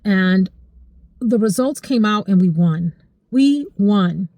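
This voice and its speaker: A woman in her forties chatting casually to camera about her life, expressive and emotional, her voice jumping high when she gets excited. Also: takes it slowly, no echo. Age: 40s. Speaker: vlogger.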